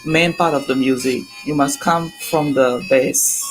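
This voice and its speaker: Guest demo guy on a call, halting and self-correcting, mid-pitched voice with faint music behind. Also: steady tone, low-quality recording. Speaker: guest presenter. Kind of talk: live online demonstration. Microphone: video call.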